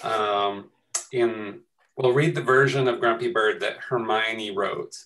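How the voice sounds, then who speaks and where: A middle-aged man from Canada leading a conversation over a video call, gentle and measured as he asks questions. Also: fairly low pitch, fairly even intonation, rough recording. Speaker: co-author and moderator. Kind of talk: casual conversation.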